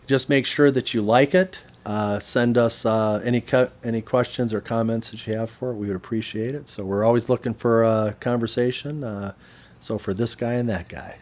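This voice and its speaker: A man, co-hosting a podcast and telling a story in a casual, animated way, acting out the voices of the people in it. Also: mid-range voice, normal speed. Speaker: podcast co-host.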